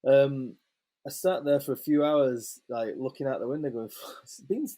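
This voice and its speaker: Man, casual storyteller, lively and sweary, acts out quotes, medium-pitched voice. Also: moderate pace. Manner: lively, sweary anecdote-telling with acted-out quotes. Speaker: photographer guest.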